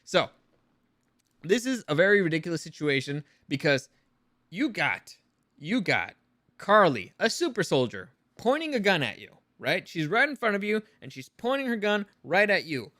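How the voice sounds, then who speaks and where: A man's voice: high voice, big pitch swings, moderate pace, bright, forceful tone, no echo, studio quality. Exasperated, sarcastic man ranting. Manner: exasperated, sarcastic, swears freely. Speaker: reviewer. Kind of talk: ranting review vlog.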